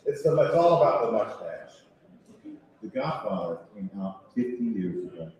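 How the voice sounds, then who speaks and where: A man in his sixties, a voice actor on a convention panel, telling animated, self-mocking stories with chuckles. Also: fairly low pitch, moderate pace, crowd noise. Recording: echoey hall picked up from far off.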